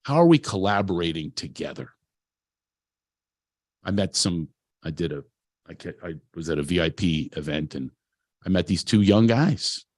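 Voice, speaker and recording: Man, producer, lowish voice, candid motivational storytelling, self-deprecating, restarts often, dry close sound. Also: animated, normal speed, long pauses, a little mellow, no echo. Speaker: producer and speaker at a talent event.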